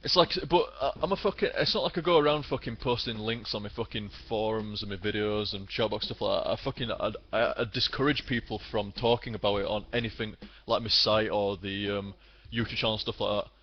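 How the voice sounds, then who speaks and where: Talking briskly in a lowish voice, a twenty-something British man streams games and rants without holding back, cursing heavily as he comments casually. The audio is lo-fi and a bit dull.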